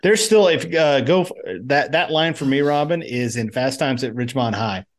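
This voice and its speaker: A man in a mid-range voice, co-hosting a chatty movie podcast. He argues his case with conviction and acts out quoted lines. An ordinary speaking voice, neither high nor low. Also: moderate pace. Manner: argumentative, animated storytelling, quotes lines in funny voices. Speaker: podcast co-host. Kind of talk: casual movie podcast chat.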